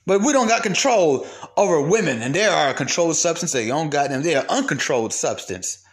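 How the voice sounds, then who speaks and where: A man's voice: fairly high pitch, expressive, a little fast. A young man hosting solo commentary, blunt and profane, ranting with mocked quotes. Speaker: commentary host.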